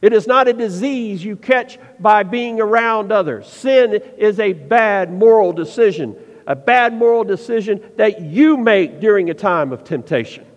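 High-voiced preacher in a reverberant hall. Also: male voice, lively intonation. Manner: preaching with rhetorical questions and slowed emphasis. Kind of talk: sermon. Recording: dull sound with long reverb.

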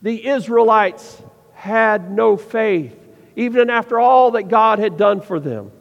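A man preaching a sermon, asking the listeners pointed questions and slowing down to stress his points. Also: high-pitched, vocal fry. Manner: preaching with rhetorical questions and slowed emphasis. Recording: dull sound with long reverb.

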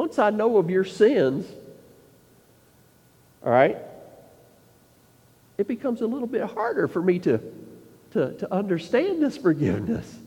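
A man's voice: high voice, breathy edge. Emphatic preacher man in a reverberant hall. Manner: emphatic, rhetorical questions, drops to quiet intensity. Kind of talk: sermon.

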